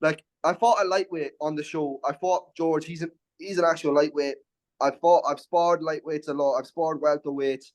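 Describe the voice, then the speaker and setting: Brash young fighter, quick restarts. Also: male voice, on the high side, steady tone. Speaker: MMA fighter, interview guest. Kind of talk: casual interview.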